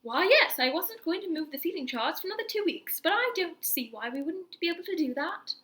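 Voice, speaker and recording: A woman's voice: extremely high pitch, expressive, fairly quick, sharp tone, voice pushed up, full character voice. A woman putting on a prim British schoolteacher. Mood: accommodating. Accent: put-on British. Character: polite British female schoolteacher. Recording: roomy echo.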